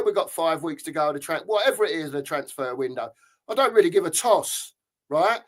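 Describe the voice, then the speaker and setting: A man hosting a casual football chat, ranting angrily and swearing. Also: high-pitched. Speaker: podcast host.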